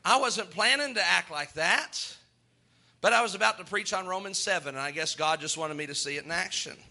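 A man's voice: high voice, a little fast, sharp tone. A man who is a pastor, preaching a sermon in a fervent, emphatic way, with folksy, self-deprecating stories.

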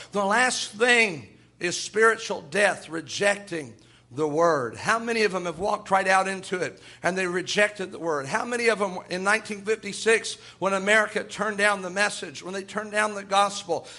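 Man, preacher, sermon, fervent delivery, high pitch, bright tone. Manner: fervent, quotes scripture and mimics voices.

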